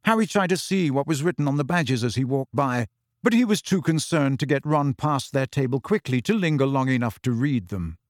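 A man reading a story aloud as narrator in a measured storytelling way. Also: medium pitch, lively intonation, no room sound, studio quality. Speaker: audiobook narrator. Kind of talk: scripted narration.

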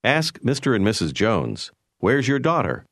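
A man narrating a language course in a clear, measured way, prompting the learner with phrases to say. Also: mid-range voice, huge pitch swings, fairly bright tone, dry recording, clean studio sound. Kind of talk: scripted instructional narration.

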